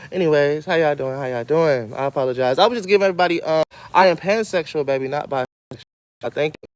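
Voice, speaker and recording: A man's voice: fairly high pitch, fast talker, no echo. A man hosting a casual livestream, rambling and cursing as he talks straight to his viewers. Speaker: livestream host.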